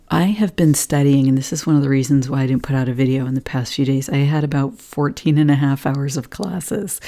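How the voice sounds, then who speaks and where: A woman's voice: low voice, dark tone. A woman vlogger giving an earnest spiritual talk and telling a personal story, at times half-whispered.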